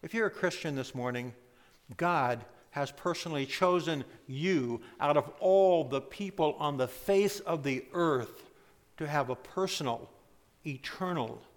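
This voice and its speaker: Male pastor, slightly higher voice, emphatic sermon delivery with hushed intimate drops. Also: long reverb tail. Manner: emphatic preaching with sudden drops to soft, intimate tones.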